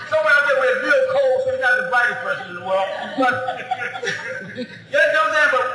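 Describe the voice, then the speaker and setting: High-voiced man lecturing in an echoey hall. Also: bright, forceful tone, a little hiss or hum. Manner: argumentative, heavy on rhetorical questions, laughs often. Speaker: lecturer answering audience questions. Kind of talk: animated public lecture to a live audience.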